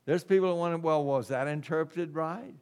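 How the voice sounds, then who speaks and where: A man's voice: fairly high pitch, a little mellow, clear, resonant tone. A middle-aged man preaching a sermon as pastor, emphatic and calling for "amen" from the congregation. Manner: slow, emphatic preaching with call-and-response "amen".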